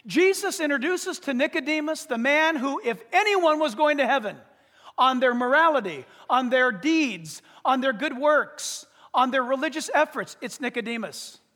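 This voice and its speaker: A pastor preaching a sermon in an emphatic way, with rhetorical questions and numbered points. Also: male voice, very high-pitched, animated, normal speed, bright, forceful tone. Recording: long reverb of a large hall.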